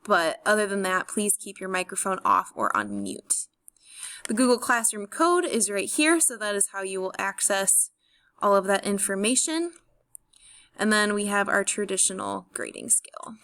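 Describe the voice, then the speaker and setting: A young woman teacher walks through a recorded class overview over a screen recording. Her voice sits at an ordinary middle pitch. She is friendly and organized, with an um now and then. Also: lively intonation, moderate pace, bright, forceful tone. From St. Louis, USA. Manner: friendly, organized, with frequent ums. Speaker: high school chemistry teacher.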